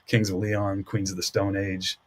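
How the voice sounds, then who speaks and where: A man, a guest musician, chatting casually in a halting way full of small restarts. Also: low-pitched, completely flat delivery. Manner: chatty, halting, with fillers and laughs. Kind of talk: casual chat.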